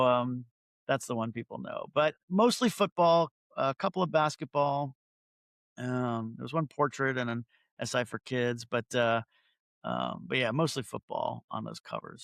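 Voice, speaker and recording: A man's voice: mid-range voice, normal speed, gravelly, fairly bright tone, no echo. A middle-aged man, a photographer, telling stories in a casual interview, chatty and self-interrupting, acting out quoted dialogue.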